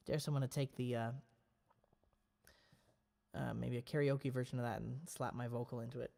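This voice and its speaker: A man's voice: medium pitch, flat delivery, normal speed, creaky, long pauses, dark tone. A man hosting a casual home livestream, chatting playfully in rambling asides between a cappella songs. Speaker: livestream host.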